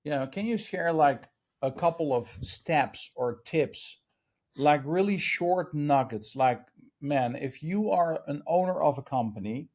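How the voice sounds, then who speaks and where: A man's voice: fairly high pitch, lively intonation, measured pace, darkish tone. A man hosting a podcast interview, asking conversational follow-up questions. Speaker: podcast host.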